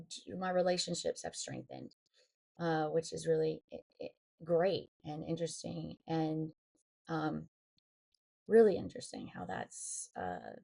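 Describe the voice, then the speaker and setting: A woman's voice: on the low side, creaky, dark tone. A woman giving a rambling personal vlog update, full of fillers and restarts. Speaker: vlogger.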